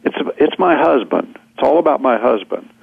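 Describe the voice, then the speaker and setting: A man's voice: medium pitch, very animated, moderate pace, gravelly, husky, no echo, narrow, tinny audio, voice pushed up, exaggerated voice. Fed-up woman passenger, as a man quotes her. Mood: complaining. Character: distressed woman passenger complaining about husband.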